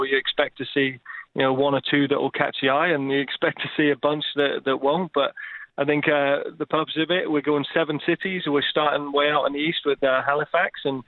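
A soccer coach from England, talking in a chatty phone interview with lots of fillers and easy laughter. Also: male voice, on the high side, no room sound. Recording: tinny phone line.

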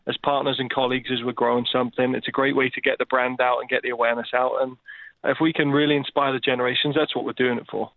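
A soccer coach from England, talking in a chatty phone interview with lots of fillers and easy laughter. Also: male voice, medium pitch, flat delivery, fast talker, no echo. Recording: tinny phone line.

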